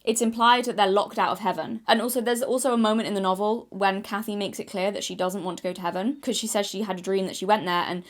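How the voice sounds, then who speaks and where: A woman's voice: medium pitch, fairly even intonation, fast talker, hardly any pauses. A woman from Yorkshire with a mild English accent, giving an opinionated video essay in a blunt style with casual asides. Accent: mild English, no strong Yorkshire accent. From Yorkshire, England. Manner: opinionated, blunt, sometimes swears.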